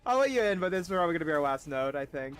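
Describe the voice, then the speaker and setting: A man's voice: on the high side, animated, very fast. A man streaming a game, rambling casually, swearing and mocking himself. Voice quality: swearing, self-deprecating, rambling. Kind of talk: casual gaming commentary.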